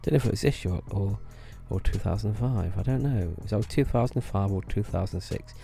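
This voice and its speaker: A man's voice: fairly low pitch, brisk, gravelly, mellow, faint music behind. A man telling rambling casual stories about his old theme park job, restarting phrases and laughing at himself. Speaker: vlogger recalling theme park work.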